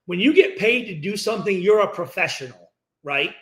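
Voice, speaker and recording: Middle-aged man, an ex-player who hosts a post-game talk; profane, animated rant with a high, swinging voice. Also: a little fast. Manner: profane, animated, acts out dialogue. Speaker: former player hosting a post-game reaction. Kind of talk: casual unscripted rant. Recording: roomy echo.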